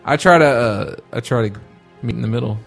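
A man's voice: medium pitch, a little fast, creaky, faint music behind. Joking man in casual chat. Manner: joking, laughs often.

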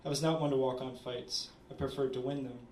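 A man reading his own short story aloud at a literary event, measured with small stumbles. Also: medium pitch, steady tone, a little mellow, slight background noise. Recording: roomy, distant audience recording.

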